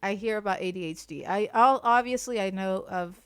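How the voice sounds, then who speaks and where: A podcast co-host chats casually on a livestream, laughing often, swearing, and letting sentences trail off. Her medium-pitched voice is brisk and clean, recorded dry through a streaming mic with soft background music.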